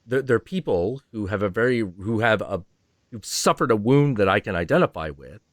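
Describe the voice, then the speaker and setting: A man's voice: on the low side, expressive, normal speed, dry recording, studio quality. A man hosting a livestream, ranting heatedly and profanely, acting out imagined dialogue. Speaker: stream host.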